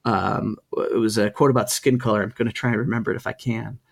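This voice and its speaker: With a gravelly, fairly low voice, steady tone, and quick pace, a middle-aged podcast co-host chats casually. He sounds hesitant, often saying um and restarting his sentences.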